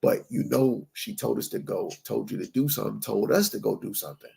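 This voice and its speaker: A man's voice: lowish voice, brisk, gravelly, warm tone. A man giving a conversational Bible teaching sermon. He is emphatic, mixes in street slang, keeps asking "right?", and reads scripture aloud in old-fashioned wording. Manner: emphatic, street-slang preaching with constant "right?" check-ins. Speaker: preacher.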